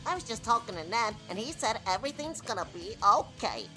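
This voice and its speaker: A woman voicing a goofy, excitable male stoner adventurer in a comedy audio drama. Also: brisk, soft background music. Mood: rambling. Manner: excitable, giggly, swooping pitch.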